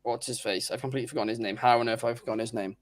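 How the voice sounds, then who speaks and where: A man's voice: mid-range voice, fairly even intonation, rapid-fire, noisy background. A man co-hosting a wrestling podcast, chatty and fond of ribbing the others. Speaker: podcast co-host. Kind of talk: casual chat.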